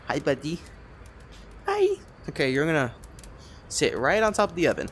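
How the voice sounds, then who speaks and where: A man giving let's-play commentary, rambling and excitable, swearing often and talking to himself as he plays. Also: fairly high pitch, normal speed, long pauses, slight background noise. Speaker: gamer playing a cooking game.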